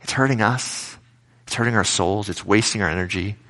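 A male pastor giving a casual, conversational sermon, telling everyday anecdotes with animated retellings. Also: on the low side, fairly quick.

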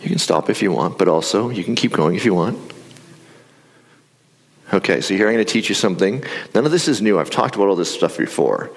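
A middle-aged man speaking from a stage, calmly coaching an audience through a breathing exercise. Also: deep voice, fairly quick, slightly rough. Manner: calm, coaching, with demonstrations. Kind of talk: live talk with guided breathing. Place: large hall before an audience. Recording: live hall with long reverb.

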